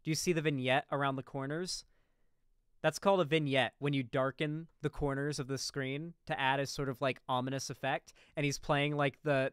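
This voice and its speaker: A man rambles through a casual reaction stream, doubling back on his words and tossing in asides. His voice sits a little high and comes across smooth and resonant. The sound is close and dry, with no room around it. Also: a bit bright, dry recording. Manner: rambling, with frequent restarts and asides.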